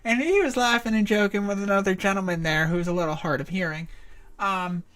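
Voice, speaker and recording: A woman's voice: mid-range voice, a little fast, fairly bright tone. Chatty woman rambling over a game. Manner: chatty, rambling, with many fillers and laughs. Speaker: streamer playing a visual novel. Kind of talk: casual let's-play commentary.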